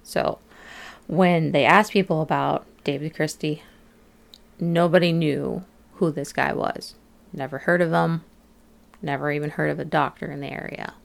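A woman with a low, gravelly voice recaps an episode in a relaxed podcast chat. She talks loosely, full of fillers, and slips into little acted-out quotes. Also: unhurried. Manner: chatty, many fillers, acts out quotes of locals. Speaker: podcast co-host.

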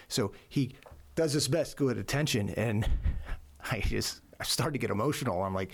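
A man's voice: fairly low pitch, a little fast, vocal fry. A middle-aged man, a course instructor, casually telling a long story, rambling and repeating words, his voice rising when he quotes himself.

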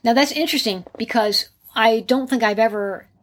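A woman with a fairly high voice hosts the conversation. She speaks in a measured way, poses questions and pauses now and then to find her words. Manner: measured, asks questions, occasional hesitations. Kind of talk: conversational interview.

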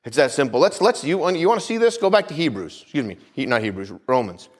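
A man preaching a sermon with emphasis, repeating phrases, dropping low and quiet for weight, and calling out for the congregation's amens. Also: very animated, quick pace. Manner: emphatic, repeats phrases, calls for "Amen?" responses.

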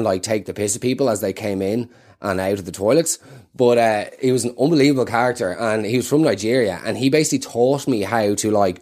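A man's voice: lowish voice, darkish tone. Man, South Dublin accent, stand-up comic, rambling, sweary, self-mocking. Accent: South Dublin Irish. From Ireland. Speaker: comedian. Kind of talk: stand-up comedy.

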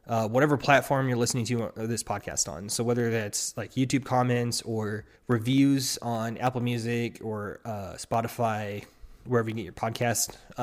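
A man hosting a solo podcast, talking casually with many restarts and acting out quoted partners. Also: medium pitch. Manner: rambling, restarts often, acts out quoted partners. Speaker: podcast host.

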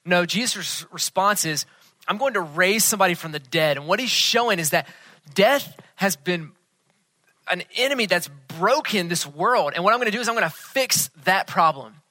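Earnest male pastor, bright dry voice. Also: high voice, expressive, moderate pace, no echo. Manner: earnest, dropping to a hush for emphasis. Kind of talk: sermon.

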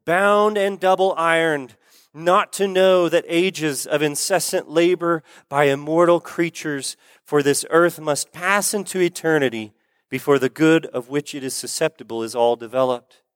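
A man's voice: on the high side, measured pace, clean tone, no room sound, clean studio sound, close to an everyday voice. A man reading a remorseful chained male ghost. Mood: lamenting. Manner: declaiming, old-fashioned literary speech.

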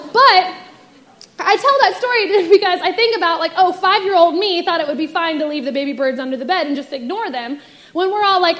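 Young woman youth pastor preaching, super high voice, lively storyteller. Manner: animated storytelling, acts out voices in quotes. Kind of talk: casual sermon with personal story.

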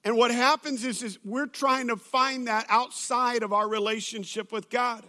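A pastor with a high, bright voice preaches a sermon before a church crowd. He tells stories with easy humor and plenty of fillers and restarts. His tone is sharp and ringing, and he speaks in a high register. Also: fairly even intonation, moderate pace. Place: church auditorium with audience.

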